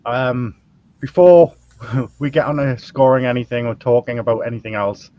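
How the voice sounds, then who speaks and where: A man's voice: mid-range voice, moderate pace, no room sound, muffled recording. A man hosting a casual podcast chat, crude and rambling, stumbling over his words. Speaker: host.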